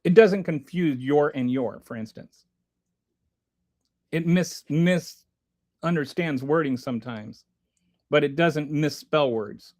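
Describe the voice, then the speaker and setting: A man hosting a casual livestream, reading chat aloud and commenting in a rambling, animated way with many restarts. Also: fairly high pitch, takes it slowly, long pauses.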